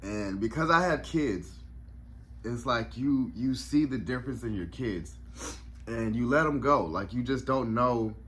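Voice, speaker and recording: A man's voice: medium pitch, lively intonation, measured pace, a bit bright, slight background noise. A man reviewing a comedy special in a casual vlog, reflective and openly emotional, with lots of fillers and restarts.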